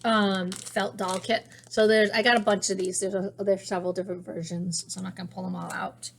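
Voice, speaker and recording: Woman podcaster rambling about her craft haul at home, mid pitch, lots of ums and restarts, faint hiss behind. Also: flat delivery, a little fast, creaky. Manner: rambling, chatty, many fillers and restarts. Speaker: knitting podcast host; teacher. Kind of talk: casual show-and-tell chat.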